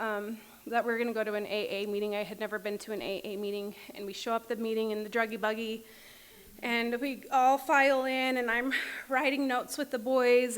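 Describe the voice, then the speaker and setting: A woman's voice: a little high, fairly bright tone. A woman telling her recovery story at a meeting, candid and often laughing as she acts out her past self. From Utah. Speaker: AA meeting speaker. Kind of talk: personal recovery talk. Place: meeting room.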